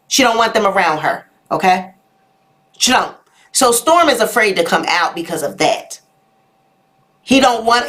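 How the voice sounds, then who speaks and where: A woman's voice: medium pitch, a bit bright. A woman hosting a live gossip commentary show, talking sassily to her viewers and reacting to their comments. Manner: sassy, talks straight to viewers with "honey" and "y'all". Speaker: YouTube live show host.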